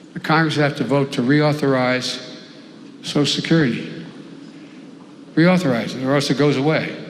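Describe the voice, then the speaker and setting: An older man giving a campaign speech as a politician, rambling with halting restarts. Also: fairly high pitch. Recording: echoey hall, faint noise.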